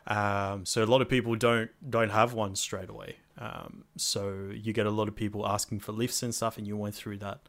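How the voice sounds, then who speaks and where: A relaxed man chats loosely about playing a game with his friend. His voice sits a little low, and he often restarts mid-sentence in an easygoing way. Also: moderate pace, hardly any pauses. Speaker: podcast co-host. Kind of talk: casual chat.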